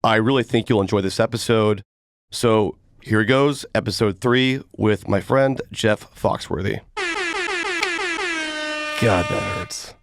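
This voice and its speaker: Enthusiastic young host, low dry voice. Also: male voice, slow pace, long pauses. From Atlanta, US. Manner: enthusiastic and laughs easily. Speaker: podcast host. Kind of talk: casual podcast intro and chat.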